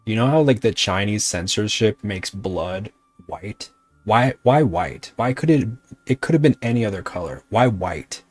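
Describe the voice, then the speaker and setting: Low, slow grumbling male streamer. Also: lively intonation, no echo, soft background music. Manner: grumbling, talks back to chat, swears at the game. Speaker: VTuber streamer. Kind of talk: casual gaming livestream chat.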